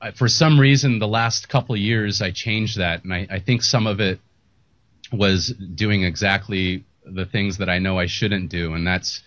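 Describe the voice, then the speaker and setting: A middle-aged man speaks in a very low register, his talk candid, emotional and prone to restarts. The sound is dry and close, with a muffled lo-fi quality. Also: steady tone, moderate pace, fairly bright tone, no room sound. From United States. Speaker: podcast host. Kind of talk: earnest interview talk. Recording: muffled lo-fi audio.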